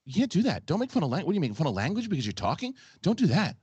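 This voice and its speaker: A man hosting a casual live stream, chatting with co-hosts and launching into rapid mock-outraged rants. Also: on the high side, huge pitch swings, highs cut off, a crowd in the background. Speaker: show host.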